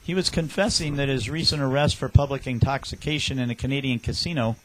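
A man's voice: mid-range voice, quick pace, a bit bright, slight background noise, rough recording. A man from California hosting a podcast in casual chat, telling stories with lots of restarts. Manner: rambling storyteller with frequent restarts. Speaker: podcast host.

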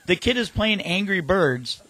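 A man's voice: sits high, sing-song, measured pace, bright, forceful tone, dry recording, rough recording. A man co-hosting a casual talk show, telling rambling anecdotes and acting out quotes. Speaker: podcast co-host. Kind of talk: casual chat.

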